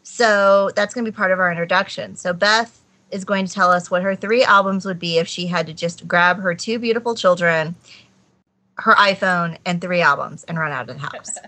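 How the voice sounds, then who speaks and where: A woman's voice: on the low side, normal speed, bright, forceful tone, rough recording. A woman co-hosting a podcast in casual chat, wry and teasing. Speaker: podcast co-host.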